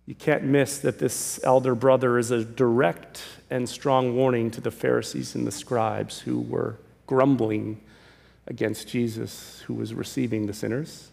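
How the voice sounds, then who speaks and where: A male pastor preaching a sermon, emphatic, swinging from loud calls to hushed pleas. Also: medium pitch, moderate pace, gravelly. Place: church sanctuary. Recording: long reverb of a large hall.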